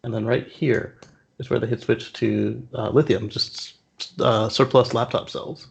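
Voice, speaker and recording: A man's voice: medium pitch, fairly even intonation, unhurried, creaky, slight background noise. A man co-hosting a casual podcast who rambles with trailing fillers. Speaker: podcast co-host. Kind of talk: casual chat. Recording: dull, muffled sound.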